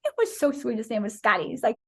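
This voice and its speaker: A woman in her sixties tells a story as an interview guest, and her voice sits high and swings widely as she acts out the people she quotes. Her tone is a little husky. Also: sing-song, fast talker, fairly bright tone. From Wisconsin, USA. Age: 60s.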